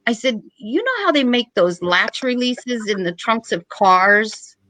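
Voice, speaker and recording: Bright-voiced woman telling stories. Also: a little high, measured pace, no room sound, rough recording. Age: middle-aged. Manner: joking, animated storytelling with laughs. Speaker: podcast guest. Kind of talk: casual storytelling.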